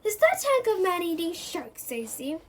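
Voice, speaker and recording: A woman's voice: very high voice, huge pitch swings, moderate pace, pitched above the performer's own voice, full character voice. A woman reading aloud the lines of a pompous, eccentric older male professor who makes grand pronouncements. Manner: grand, proclaiming, easily offended.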